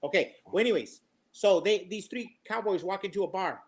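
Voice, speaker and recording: A man co-hosting a casual chat podcast, telling long jokes loudly and slipping into put-on accents. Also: sits high, moderate pace. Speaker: podcast co-host.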